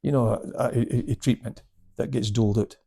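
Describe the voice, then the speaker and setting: A gravelly, husky-voiced Scottish man in his sixties, spinning stories from years of training. He talks loosely and swears freely, salty and down to earth, his voice sitting in an ordinary middle register. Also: medium pitch, fairly even intonation, brisk, dark tone. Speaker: guest, karate instructor. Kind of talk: casual storytelling chat.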